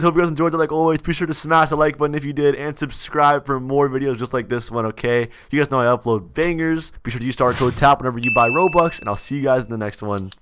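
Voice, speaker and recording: A young man giving excitable gameplay commentary as a gaming video host, swinging between mumbled asides and loud outbursts. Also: a little high, smooth. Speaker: gaming YouTuber.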